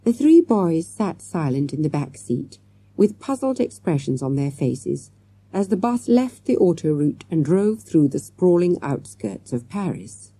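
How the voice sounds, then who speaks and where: A woman reading a children's story aloud as an audiobook, in a lively, expressive way. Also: fairly low pitch, measured pace, breathy edge, no room sound. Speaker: audiobook reader. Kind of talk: scripted children's story narration.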